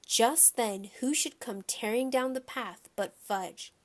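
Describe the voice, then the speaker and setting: A woman's voice: a little high, slow pace. Woman reading a children's book aloud. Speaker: audiobook reader.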